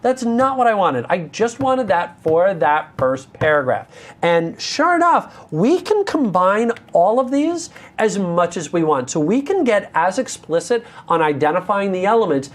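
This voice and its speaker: A man's voice: sits high, very animated, a little slow. An American man teaching a live coding lesson, candid and self-deprecating, with joking asides. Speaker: instructor.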